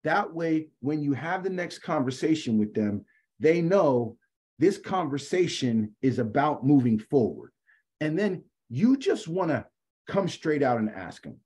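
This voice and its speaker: A man's voice: on the high side, big pitch swings, a little slow, dark tone, slightly rough. A man teaching as a guest sales coach on a coaching call, talking conversationally and acting out sample dialogues, often adding "man".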